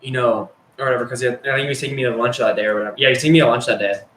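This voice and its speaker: A man's voice: medium pitch, fairly even intonation, very fast, a bit bright, slight background noise. A young man casually telling a story from his school days, rambling and swearing with lots of fillers. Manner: rambling, profane, filler-heavy. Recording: echoey room.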